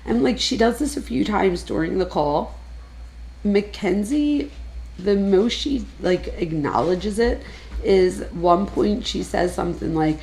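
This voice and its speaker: A woman's voice: medium pitch, unhurried, creaky, a little mellow. A woman giving casual, analytical true crime commentary, chatting freely and lifting her voice when she quotes people.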